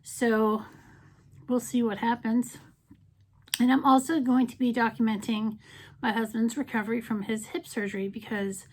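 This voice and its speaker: A middle-aged woman chatting casually in a makeup vlog, playful and talkative, now and then slipping into silly sing-song bits. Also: on the high side. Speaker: beauty vlogger.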